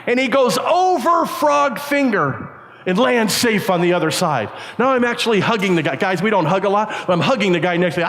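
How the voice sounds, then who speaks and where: Animated male camp storyteller in a hall. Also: brisk. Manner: animated, jumps to high squeaky voices for quoted kids. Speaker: camp speaker. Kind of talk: storytelling talk to youth. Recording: reverberant hall.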